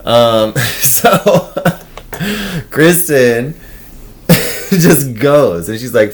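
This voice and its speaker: A man's voice: medium pitch, drawn-out words, long pauses, slight background noise. A man co-hosting a podcast, telling a story in a casual chat, laughing often and acting out the voices of people in it. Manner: animated, laughing, acts out quotes.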